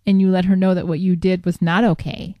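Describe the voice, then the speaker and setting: A woman co-hosting a podcast, talking in a calm, affirming way in casual conversation. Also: lowish voice, brisk, dry recording, lo-fi sound. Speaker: podcast co-host.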